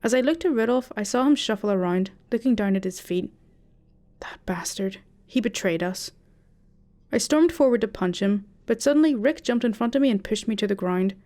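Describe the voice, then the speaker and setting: A woman narrating a first-person horror story in a steady, dramatic storytelling manner. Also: fairly high pitch, quick pace, few pauses.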